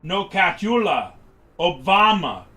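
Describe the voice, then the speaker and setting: A man voicing a confused woman from the future who speaks halting, broken English. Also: high voice, big pitch swings, pushed and bright, soft background music, voice pushed up, heavily acted. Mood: halting, puzzled. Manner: halting, fragmented speech.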